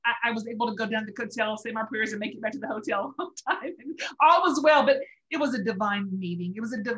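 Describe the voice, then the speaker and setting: A woman's voice: a little high, quick pace, few pauses, a bit bright, highs cut off. A middle-aged woman co-hosting a faith talk show, telling a personal story in an earnest, emotional way. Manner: earnest storytelling, emotional, laughing through tears at moments. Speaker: co-host sharing a personal story.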